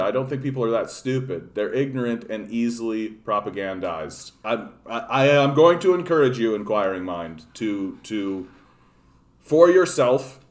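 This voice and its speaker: A man from Canada hosts a casual political livestream, his voice sitting at an ordinary middle pitch. He rants with plenty of profanity and keeps turning aside to greet viewers in the chat.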